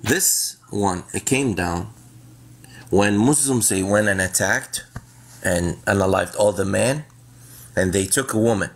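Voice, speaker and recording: A man hosting a casual group chat, animated and joking, repeating his points. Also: fairly low pitch, a little slow, vocal fry. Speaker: host.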